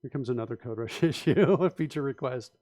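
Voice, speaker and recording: Speaking fast in a medium-pitched, slightly mellow voice, a developer hosting a live coding stream voices his thoughts emphatically, full of opinions, restarts and rhetorical questions. The sound is dry and clean, studio quality.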